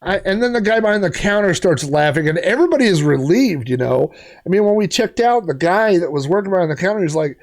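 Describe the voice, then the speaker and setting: A man's voice: high-pitched, lively intonation, fast. Rambling middle-aged man telling stories. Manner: rambling, many fillers and restarts. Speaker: retro gaming streamer. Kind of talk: casual storytelling on a stream.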